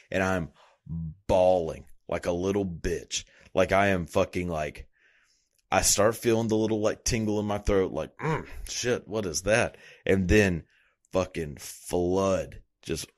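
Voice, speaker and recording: A young man talking in a loose, rambling monologue, swearing a lot and laughing at himself. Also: very deep voice. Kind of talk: casual profane monologue.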